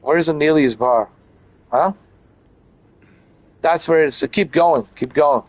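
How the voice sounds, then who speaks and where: A man's voice: on the high side, measured pace, no room sound. A man giving casual let's-play commentary, crude and mocking, repeating his jokes. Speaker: gaming channel host.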